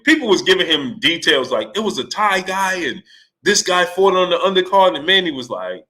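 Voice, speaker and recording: Hosting a live stream chat, this man speaks fairly quickly in a high-pitched voice. He welcomes viewers and reads Super Chats, telling stories with laughter and quoting others in imitated voices.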